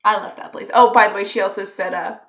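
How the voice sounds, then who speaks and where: A woman's voice: medium pitch, fairly even intonation, quick pace. A young woman telling a story on her vlog, rambling and filling her talk with "like.". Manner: rambling, filler-heavy with constant "like". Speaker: vlogger.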